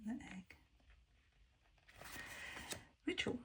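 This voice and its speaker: A woman, musing softly as she reviews cards, often half-whispering. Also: moderate pace, background noise. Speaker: tarot deck reviewer. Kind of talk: casual unboxing commentary.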